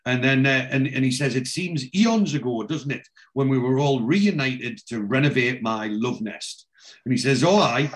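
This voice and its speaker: A man in casual conversation, walking through a TV episode scene by scene. He quotes the characters as he goes and stumbles through fillers and restarts. He speaks at a middle pitch. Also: normal speed. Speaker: podcast co-host recapping a TV episode. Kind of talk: casual chat.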